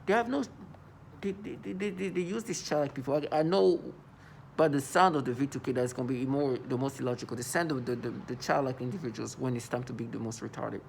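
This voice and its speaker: A man's voice: mid-range voice, fast talker, gravelly, slight background noise. A man talking to the camera in an agitated monologue, often stammering and repeating words. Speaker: vlogger.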